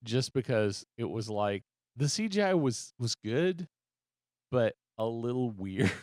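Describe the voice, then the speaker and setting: A man's voice: medium pitch, sing-song, a little slow, a little mellow, dry recording, studio quality. A man co-hosting a podcast, chatty and joking, laughing often. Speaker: podcast co-host. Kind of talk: casual podcast chat.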